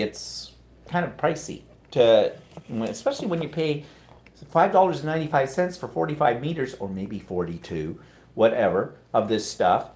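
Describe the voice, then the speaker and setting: A middle-aged man with a Canadian accent talks in an easygoing, rambling way, co-hosting a live stream. He reads viewer comments aloud and chats back to them in a mid-pitched voice. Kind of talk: casual live-stream chat.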